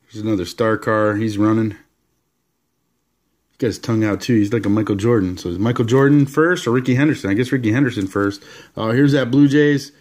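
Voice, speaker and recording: A man casually showing off his collection of sports cards, rambling along with relaxed, enthusiastic asides. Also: lowish voice, brisk. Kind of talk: casual card-showing vlog.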